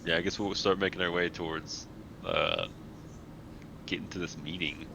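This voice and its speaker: A man's voice: sits low, steady tone, normal speed, gravelly, background noise. A man in casual chat during a tabletop game, wry, teasing and matter-of-fact.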